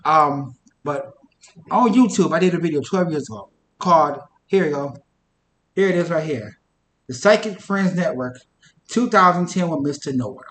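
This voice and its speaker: A man's voice: fairly high pitch, animated, normal speed, a bit bright, roomy sound. A man talking casually to the camera for his channel, rambling and interrupting himself. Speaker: YouTuber.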